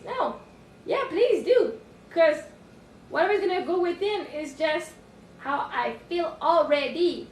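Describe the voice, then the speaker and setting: A woman life coach on a livestream from home, thinking aloud with sudden excited outbursts and cooing at her puppy. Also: very high-pitched, a little slow, roomy sound, far from the mic, slight background noise. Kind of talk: livestream self-reflection. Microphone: phone.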